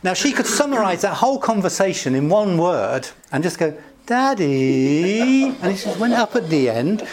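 A man's voice: high voice, very animated, brisk, crowd noise. A middle-aged man preaching a conversational sermon, chatty and jovial, often chuckling and filling his talk with asides. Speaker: pastor.

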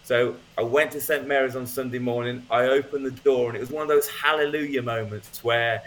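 A man shares his own story as a guest speaker, unhurried and conversational. His telling is loose and natural, with frequent ums and little restarts, and his voice sits in an ordinary middle pitch. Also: fairly even intonation, fairly bright tone. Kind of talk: personal testimony, casual storytelling.

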